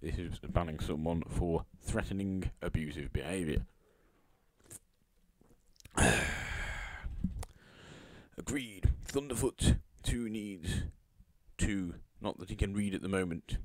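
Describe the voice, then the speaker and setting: A man's voice: low voice, measured pace, mellow, no room sound. A man commenting on tweets he reads aloud, sarcastic and scornful, mocking their writers with fake sympathy. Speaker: YouTube commentator.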